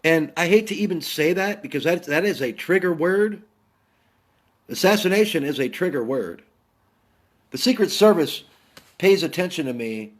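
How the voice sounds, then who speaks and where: A middle-aged man from the United States, a Navy veteran, giving a heated, blunt political rant and repeating his points. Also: on the high side.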